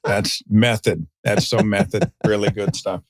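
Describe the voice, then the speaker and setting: A man on a podcast panel, deadpan and sardonic, riffing at length about believers and a film. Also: lowish voice, measured pace, no echo, clean studio sound. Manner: deadpan, sardonic rambling riffs. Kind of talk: casual comedic movie review.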